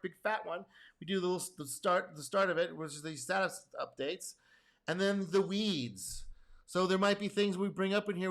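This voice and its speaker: A man with a high voice talks fast through a reaction commentary. He rambles and restarts his sentences, stresses his points hard and swears casually, like a teacher venting about work habits. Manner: rambling, emphatic, casually profane. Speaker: host and programming course teacher.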